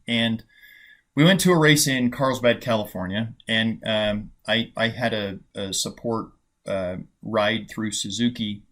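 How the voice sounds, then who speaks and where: A man's voice: fairly low pitch, fairly bright tone. A man in his fifties, a trading coach, telling a personal story in a loose conversational way with fillers and restarts. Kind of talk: casual storytelling monologue.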